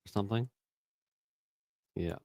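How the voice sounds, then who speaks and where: A man's voice: on the low side, measured pace, gravelly, warm tone, dry recording, clean studio sound. A man co-hosting a casual live-stream show, reading chat messages aloud and teasing his co-host. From Canada. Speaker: podcast co-host.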